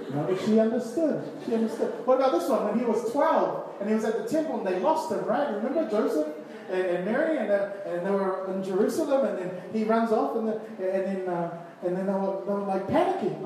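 Male preacher, high, mellow voice, animated sermon, distant mic in an echoey hall. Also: a little hiss or hum. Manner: animated, acts out scripture scenes with voices and laughs.

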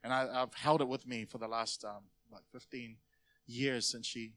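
A man preaching a sermon to his church in a conversational way, with sudden loud emphases. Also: medium pitch, steady tone, normal speed. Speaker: pastor.

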